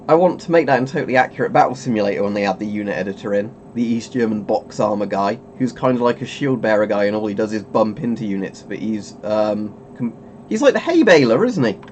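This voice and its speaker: A man's voice: on the low side, darkish tone, muffled recording, slight background noise. A man hosting a casual webcam stream, rambling and chuckling as he keeps interrupting himself. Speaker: streamer host.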